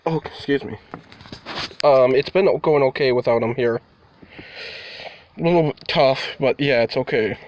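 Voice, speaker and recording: A man's voice: medium pitch, measured pace, long pauses, darkish tone. A man giving a casual vlog update, rambling and talking to his cats, with the odd mild swear word. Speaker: vlogger. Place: indoors near a door, partly outside.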